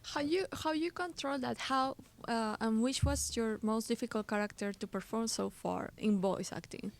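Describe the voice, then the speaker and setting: A woman's voice: on the high side, normal speed, vocal fry. A woman interviewing a guest in a podcast studio, asking curious questions and laughing along. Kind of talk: casual interview. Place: podcast studio in a hobby shop.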